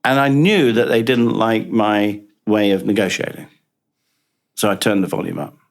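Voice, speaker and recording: A man telling a business anecdote as a podcast guest, lively and repetitive, acting out bits of dialogue as he goes. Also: on the low side, normal speed. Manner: lively, repeats words and restarts, acts out dialogue. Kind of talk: animated business storytelling.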